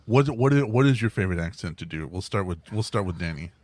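A low-voiced man hosts a casual podcast chat, asking each guest in turn. The recording is dry and close, and he swears freely. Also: lively intonation, fast talker, darkish tone, dry recording. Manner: leads the round, casual, swears. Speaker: podcast host.

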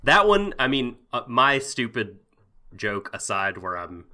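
A man's voice: medium pitch, sing-song, a little slow, pushed and bright. A man hosting a podcast in a jokey, rambling casual chat with lots of fillers. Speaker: podcast host.

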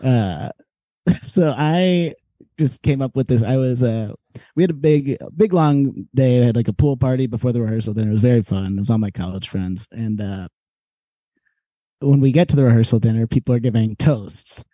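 At normal speed and medium pitch, a young podcast co-host spins a long, casual story, animatedly voicing the people in it and laughing a lot. The recording is dry.

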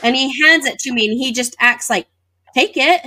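A woman's voice: a little high, fairly quick, bright, forceful tone. A woman, a guest in an interview, recounting a personal experience and acting out what people said. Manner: vivid retelling with acted-out dialogue. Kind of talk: personal storytelling.

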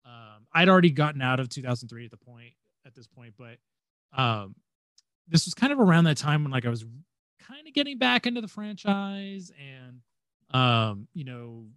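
A man's voice: a little high, sing-song, moderate pace, fairly bright tone, smooth, no echo. A young man chatting casually as a podcast co-host, rambling with many fillers and restarts. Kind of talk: casual fan chat.

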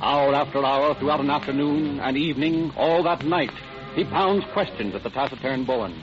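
A man narrating a radio crime drama in a measured, formal 1940s announcing style. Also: fairly high pitch. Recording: muffled old radio broadcast. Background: music.

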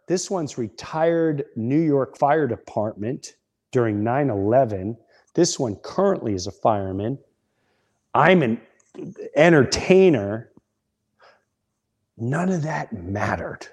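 A man's voice: mid-range voice, lively intonation, slow, darkish tone. A middle-aged man, a comedian hosting a podcast, telling a story in a casual, rambling way with frequent restarts.

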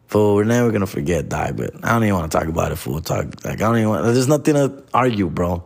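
Los comedian, lower voice, heated slangy rant with Spanish mixed in. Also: male voice, lively intonation, fast talker, creaky, hardly any pauses, slightly rough. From Los Angeles. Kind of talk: profane casual rant.

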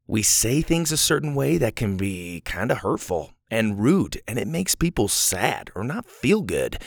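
An encouraging man in his thirties hosts a kids' podcast in a casual, upbeat chat. His voice has a gravelly edge and leaps up and down with lively emphasis. The sound is close and dry, with no room around it. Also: medium pitch, no room sound. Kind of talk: casual talk to young listeners.

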